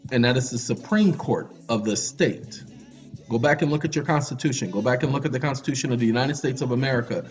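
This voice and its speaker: A man hosting his channel, explaining law casually in an animated, preachy way and talking straight to the viewers. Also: medium pitch. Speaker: channel host. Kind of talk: casual legal explainer with screen search.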